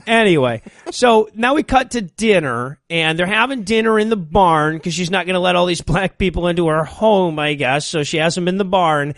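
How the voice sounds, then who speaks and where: A man's voice: high voice, lively intonation, a bit bright, dry recording, clean studio sound. A man co-hosting a comedy podcast, riffing sarcastically on a movie and laughing easily. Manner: sarcastic, quick to laugh, slips into silly voices. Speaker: podcast co-host.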